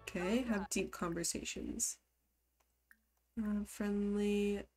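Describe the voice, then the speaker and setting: A woman's voice: medium pitch, steady tone, slow pace, darkish tone, soft background music. A woman streamer giving casual live commentary on a life-simulation game, bursting into laughter and scolding her game characters.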